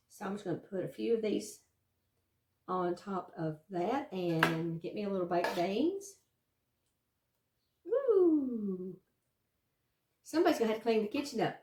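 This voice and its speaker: A chatty, folksy woman with a Southern US drawl walks viewers through a home meal, cheering them on as she goes. Her voice sits at an ordinary pitch and carries a roomy kitchen echo, with a faint hiss underneath. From Southern United States. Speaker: cooking channel host. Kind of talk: casual cooking demonstration.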